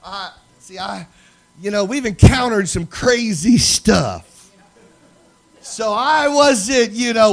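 Male preacher, high-pitched, animated storytelling, voices the dialogue. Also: slow, creaky. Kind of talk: sermon storytelling.

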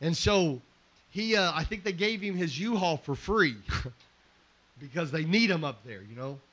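Middle-aged pastor with a slightly high voice, conversational story-driven preaching. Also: male voice, expressive, a little slow, a bit bright. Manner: conversational, fillers and self-corrections. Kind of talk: storytelling sermon.

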